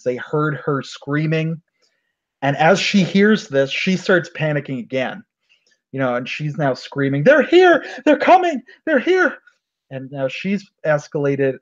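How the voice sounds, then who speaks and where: A man who is game master, narrating a tabletop game in a relaxed way, with plenty of fillers. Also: mid-range voice. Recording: dull lo-fi recording.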